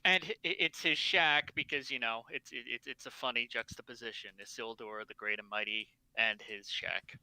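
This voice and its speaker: A man with a very bright, smooth voice talks through lore in a relaxed livestream chat, with many fillers along the way. The sound is dry and close, as if from a desktop mic on a voice call. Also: mid-range voice, moderate pace, hardly any pauses, no echo, low-quality recording. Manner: knowledgeable, explains at length with fillers. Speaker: podcast co-host.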